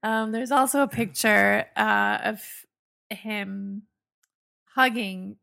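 Wry woman with heavy vocal fry. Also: medium pitch, fairly even intonation, takes it slowly, sharp tone. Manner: wry, sarcastic. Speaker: podcast co-host. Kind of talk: reading news stories aloud with commentary.

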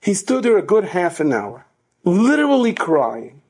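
An animated male rabbi telling an inspirational story with a fairly high voice. His delivery keeps climbing in intensity and pushes hard on key points, near shouting at times. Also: a little slow.

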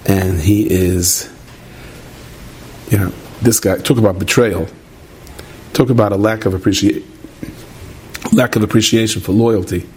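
A man telling a story in an animated way, repeating phrases for effect. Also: fairly low pitch, a little slow, long pauses, a little hiss or hum. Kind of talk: spoken storytelling.

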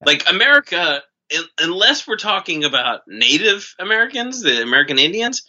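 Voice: medium pitch, very animated, moderate pace, bright, forceful tone, muffled recording. A podcast co-host from New Jersey, chatting casually, sarcastic and blunt, swearing freely. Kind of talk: casual comedy podcast chat.

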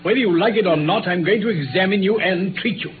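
An actor playing a loyal, earnest doctor in a radio drama, brisk and proper, on a tinny old broadcast with hiss. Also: male voice, high voice, close to an everyday voice. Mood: indignant, firm. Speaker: doctor and narrator.

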